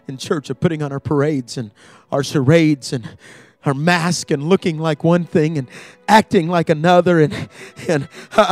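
Male preacher with a high voice and dramatic storytelling, soft music underneath. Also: dry recording. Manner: dramatic storytelling, builds to loud peaks. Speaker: campus ministry preacher. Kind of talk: sermon. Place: church.

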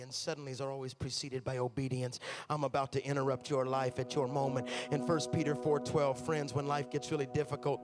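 A male pastor preaching a sermon, impassioned and building to loud fervor. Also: on the high side.

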